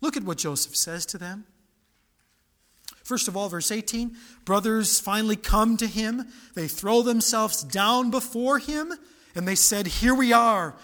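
A man preaching a sermon, animated and dramatic, with sudden loud outbursts and questions thrown to the congregation. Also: sits high, unhurried.

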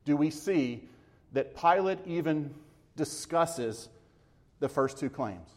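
Male preacher, slightly raised pitch, chatty sermon delivery that acts out the dialogue. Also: animated, slow, long pauses. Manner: conversational, explaining scripture with everyday comparisons; retells dialogue, acting out the speakers.

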